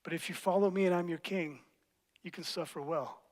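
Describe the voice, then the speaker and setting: A high-pitched man preaches a sermon as pastor in a church hall with a big-room sound. He teaches in a playful, animated style, slipping in quick jokes.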